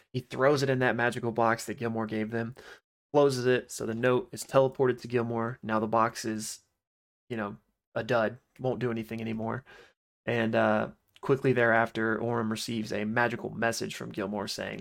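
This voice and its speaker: Guy recapping a game episode, loose and chatty, lots of likes and you knows, mid pitch. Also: vocal fry. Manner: loose retelling with many fillers. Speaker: podcast host recapping an episode. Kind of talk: casual recap chat.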